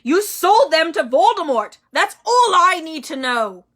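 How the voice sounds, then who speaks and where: A woman voicing a furious shouting teenage boy. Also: very high voice, big pitch swings, a little slow, pitched above the performer's own voice, exaggerated voice. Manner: shouting, voice shaking. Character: furious teenage boy wizard, shaking with rage.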